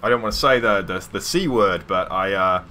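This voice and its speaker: A man putting on an exaggerated Australian accent as a boisterous bloke, loud and full of slang. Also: sits low, normal speed, a little hiss or hum. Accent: put-on Australian.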